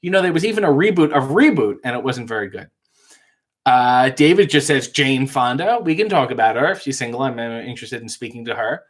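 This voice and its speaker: A male host reading out live chat comments and answering them with wry, deadpan jokes in a casual live-stream chat. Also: mid-range voice, brisk.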